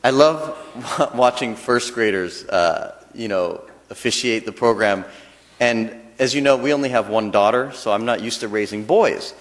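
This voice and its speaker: A man's voice: fairly low pitch, normal speed. A man giving a chatty, joking dharma talk as a temple minister. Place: temple hall. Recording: long reverb of a temple hall.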